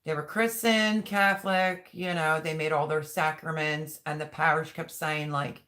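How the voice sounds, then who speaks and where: A woman's voice: low voice, fairly even intonation, moderate pace, a bit bright. A middle-aged woman hosting a live stream, chatting casually and rambling as she reads viewer comments aloud. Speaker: livestream host.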